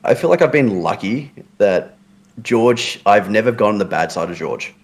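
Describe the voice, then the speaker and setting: A man's voice: fairly low pitch, expressive, moderate pace. A tired man, telling crude, joking stories in casual chat. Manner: joking storyteller, crude banter. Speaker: show regular, wrestler.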